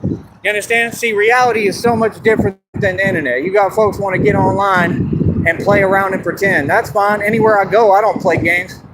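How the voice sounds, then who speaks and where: Against a noisy background, a Texan man vlogs straight to camera in a boastful, swaggering monologue, repeating himself and asking "you understand?" again and again. His voice sits high, with a steady tone and a brisk pace.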